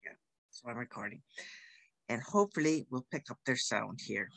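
A woman's voice: extremely low pitch, animated, moderate pace, vocal fry, fairly bright tone, poor audio. A woman hosting an online class who speaks hesitantly, with many fillers and restarts. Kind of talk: casual spoken introduction.

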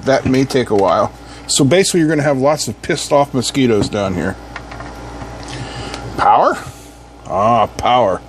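A man's voice: medium pitch, lively intonation, normal speed, pauses often, noisy background. A man hosting an electronics teardown, talking casually with wry, sarcastic asides and little hums. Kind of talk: casual hands-on teardown commentary.

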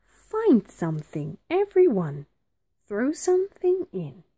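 A woman voicing a grateful, kindly witch in a storybook reading, bright and exclaiming. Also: a little high, huge pitch swings, takes it slowly, slightly rough, no room sound, pitched above the performer's own voice, exaggerated voice. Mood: cheerful.

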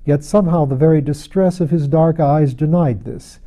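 A man narrating a classic novel as an audiobook reader, in a measured, steady storytelling manner. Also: a little high.

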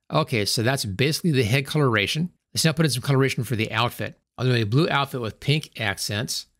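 Man calmly explaining each step. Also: mid-range voice, no echo, clean studio sound. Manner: calm step-by-step instruction, talking through each action as he works. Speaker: tutorial host. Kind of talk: screen-recorded software tutorial.

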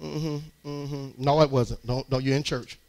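A man preaching a sermon in church, speaking. He talks to the congregation in a conversational, animated way and builds to loud, strained peaks. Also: mid-range voice, unhurried. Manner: rises into shouted, strained peaks.

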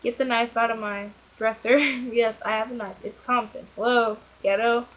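A young woman chats on in a rambling, giggly way, full of "like" and "you know," her voice sitting a little high. The sound is dull and lo-fi, as from an old webcam mic. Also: fairly even intonation, moderate pace. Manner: rambling, filler-heavy, giggly. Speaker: vlogger. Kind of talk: casual storytelling.

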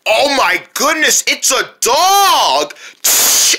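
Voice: medium pitch, big pitch swings, normal speed, pushed and bright, breathy edge. A performer in a homemade comedy skit talks to a stray puppy in a playful, chatty and affectionate way.

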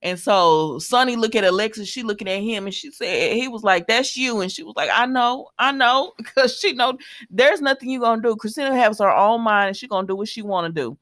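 A woman, recapping a soap opera episode in casual, animated chat that talks straight to listeners and laughs often. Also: medium pitch, a little fast.

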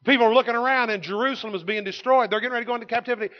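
A man, preaching a sermon in a folksy storytelling way that swings from loud to hushed. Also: very high voice, racing, lo-fi sound. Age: 50s. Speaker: pastor. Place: church sanctuary.

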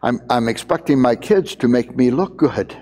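A man's voice: medium pitch, expressive, moderate pace, a little mellow, big-room sound. An older man preaching a sermon in a conversational way, often repeating words as he thinks.

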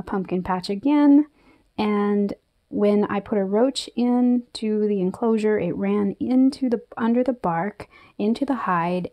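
Breathless, excited woman keeping tarantulas. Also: mid-range voice. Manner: breathless and emotional, soft-spoken with frequent fillers. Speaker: tarantula keeper vlogger. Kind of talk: excited casual vlog narration.

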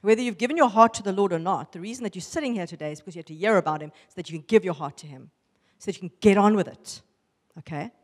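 A woman giving a lively testimony sermon to a women's church gathering, acting out the voices in her stories. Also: medium pitch, racing, in a large hall. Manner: animated storytelling, acting out voices. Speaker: women's ministry speaker. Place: church hall.

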